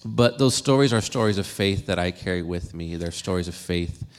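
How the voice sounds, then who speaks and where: A man interviewing his grandmother before a congregation, then speaking to them gently about faith. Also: deep voice, normal speed. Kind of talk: church interview and sermon.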